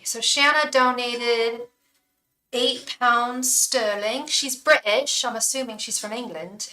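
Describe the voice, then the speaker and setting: A woman's voice: a little high, bright, forceful tone, recorded from a distance. A woman reading tarot on a live stream, chatting with viewers, thanking donors by name and chanting invocations to spirit guides.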